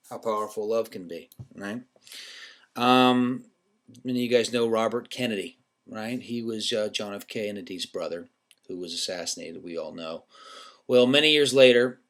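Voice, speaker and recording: A man's voice: lowish voice, fairly bright tone. A man vlogging casually to his viewers, candid and loose, telling a personal story with the odd swear word.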